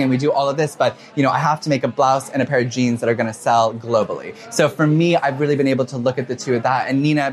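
A man in his twenties answering interview questions, talking quickly and emotionally with many fillers and quoted asides. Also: mid-range voice. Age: 20s. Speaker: fashion designer, interview guest.

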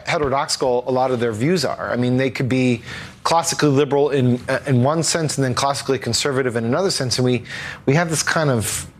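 Male pundit guest, mid-pitched, measured and a little halting. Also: slightly rough. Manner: thoughtful, hesitant with fillers. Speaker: political commentator guest. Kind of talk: talk show discussion.

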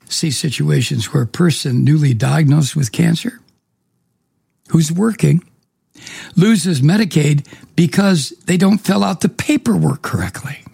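A hoarse man with a raspy voice, hosting a talk show and delivering an indignant political commentary monologue. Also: fairly high pitch, mellow, dry recording. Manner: indignant, slow and emphatic. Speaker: radio talk show host.

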